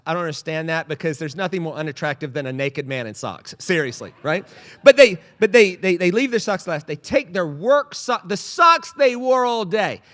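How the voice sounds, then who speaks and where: A male pastor preaching a humorous sermon in a church, telling stories with playful comic voices. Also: fairly high pitch. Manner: animated storytelling with comic voices. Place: church sanctuary.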